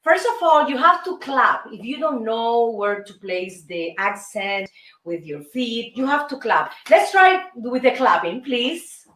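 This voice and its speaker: A woman from Cuba with a Cuban Spanish accent, a native Spanish speaker, hosting her show and giving a lively dance lesson, counting out the beats rhythmically. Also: fairly high pitch, a little slow. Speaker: show host and dance teacher. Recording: roomy room, distant mic, faint music.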